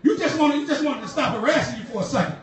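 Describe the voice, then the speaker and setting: In a church, a woman preacher gives a sermon in a high-pitched, animated voice at a very fast clip. She tells stories in casual slang, repeats key lines in fervent, shouting bursts, and laughs along the way. The recording sounds distant, caught from far off in an echoey hall.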